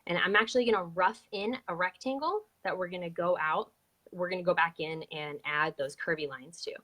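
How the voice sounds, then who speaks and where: A woman's voice: lowish voice, a little fast, bright, forceful tone. A woman teaching a live online drawing lesson, chatty and upbeat as she explains each step. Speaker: drawing instructor.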